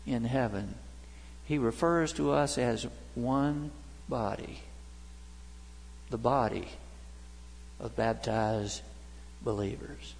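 A middle-aged male pastor preaching a sermon, telling stories as his voice rises and drops. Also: medium pitch. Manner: storytelling preacher, voice rising and dropping. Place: church sanctuary. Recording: long reverb of a big hall.

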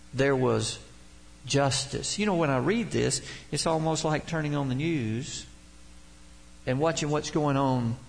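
A man's voice: mid-range voice, creaky. A man preaching a sermon as pastor, with dramatic swells and drops and emphatic quotations.

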